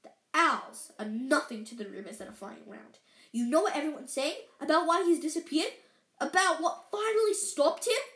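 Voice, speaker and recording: A woman's voice: a little high, sing-song, normal speed. A woman voicing a severe, irritable older witch professor in a storybook reading. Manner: irritable, clipped. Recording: roomy echo.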